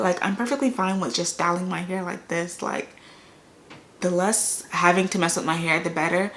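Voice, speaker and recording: A woman's voice: fairly low pitch, a little hiss or hum. A young adult woman chatting casually on her vlog, laid-back and rambling with frequent fillers and restarts. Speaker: vlogger. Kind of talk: casual chat.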